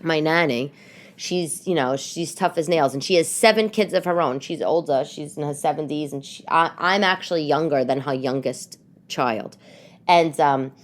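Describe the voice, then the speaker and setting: A middle-aged woman with a New York accent, hosting a podcast and chatting casually, telling stories in an animated way with lots of restarts. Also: low voice, normal speed. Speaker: podcast host. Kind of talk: casual chat.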